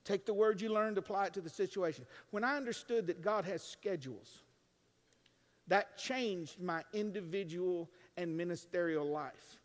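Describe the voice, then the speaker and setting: A man preaching a sermon as pastor, swinging between hushed and loud lines with joking asides. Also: sits high, normal speed. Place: church sanctuary. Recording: long reverb of a large church.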